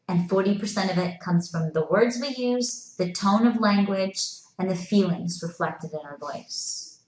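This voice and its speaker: A woman teacher talking her class through a recorded video lesson, clear and instructive. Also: mid-range voice. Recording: echoey room.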